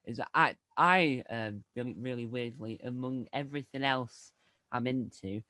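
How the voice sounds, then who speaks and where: A man hosting an interview, asking questions in a halting way with many repeats and restarts. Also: mid-range voice, pushed and bright, no room sound, low-quality recording. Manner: hesitant, repeats and restarts words. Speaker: interviewer host.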